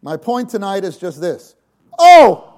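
A man delivering a sermon at a deliberate, unhurried pace. His voice is mellow and dark, though a bit higher than most men's. He swings from quiet, intimate passages to loud, dramatic cries. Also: animated. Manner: slow, emphatic delivery. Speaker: preacher.

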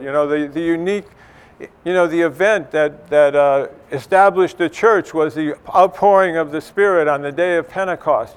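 Middle-aged male church speaker, clear resonant tone, slightly high, chatty, rambling delivery. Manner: conversational, many fillers and restarts. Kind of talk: informal church teaching.

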